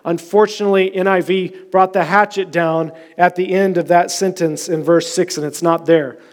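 A man preaching a sermon as pastor, passionate and emphatic, dropping soft at times. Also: sits high.

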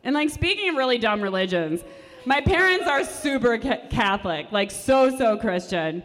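A woman's voice: on the high side, big pitch swings, moderate pace. A young adult woman doing a stand-up comedy set with a dry, sardonic delivery, recorded live in a performance space. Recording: reverberant live room.

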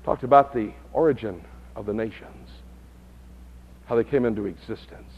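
A man teaching a Bible study lesson, who builds to loud, high-pitched emphasis. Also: normal speed, husky, muffled recording.

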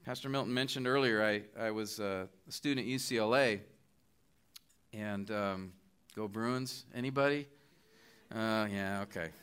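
Bright-voiced earnest middle-aged man preaching. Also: lowish voice, unhurried, smooth. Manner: earnest, pleading appeals with rising emphasis. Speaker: guest preacher. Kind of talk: sermon.

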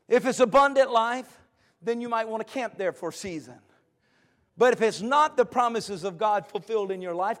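A man preaching a sermon to a congregation, impassioned and repetitive, breaking into shouts. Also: sits high, expressive, normal speed.

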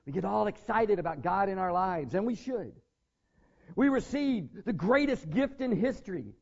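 A male pastor with a very high, lively voice delivers a sermon. He tells stories with animation and jokes at his own expense. The recording sounds dull and lo-fi. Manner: animated storytelling with self-deprecating humor.

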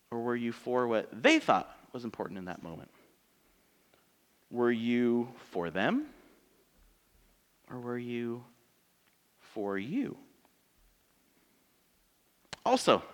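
A man in his thirties, a pastor preaching a sermon in church in a conversational, joking way, asking his congregation rhetorical questions. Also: mid-range voice.

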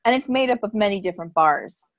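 A woman co-hosting a live-streamed chat, telling a personal story in an animated way and laughing often. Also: medium pitch, fast talker, no echo, muffled recording. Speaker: podcast co-host and psychic reader.

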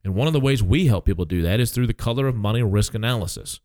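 A man's voice: fairly low pitch, quick pace, darkish tone, dry recording. A man in his sixties hosting a casual financial talk show as an advisor, speaking emphatically and tagging his points with "okay?".

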